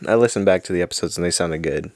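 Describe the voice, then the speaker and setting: A man's voice: deep voice, racing, darkish tone, no room sound. A man co-hosting a casual podcast, easygoing and agreeable, chatting into a studio microphone. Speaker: podcast co-host.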